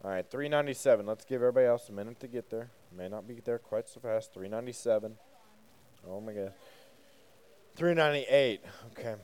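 Casting: man, youth pastor type, warm low-key tone, chatty and quizzing the room. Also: fairly quick, clean tone. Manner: conversational, asks the group questions, joking asides. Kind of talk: casual youth sermon.

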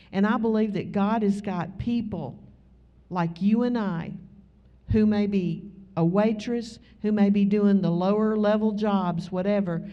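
A woman with a Southern US accent, preaching a sermon in a folksy, conversational way with drawn-out emphasis. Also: medium pitch. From Southern United States. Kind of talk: sermon with storytelling. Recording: slightly muffled recording.

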